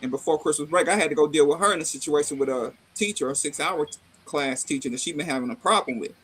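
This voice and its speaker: Animated high-voiced man telling stories. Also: fast talker, husky. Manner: animated storyteller, acts out dialogue, laughs, salty slang. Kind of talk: casual chat.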